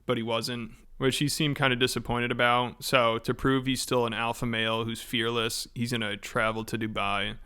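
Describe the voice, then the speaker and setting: A man's voice: mid-range voice, flat delivery, normal speed, hardly any pauses, sharp tone, clear, resonant tone. A man giving scripted commentary in a sarcastic, mocking tone. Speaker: commentary host.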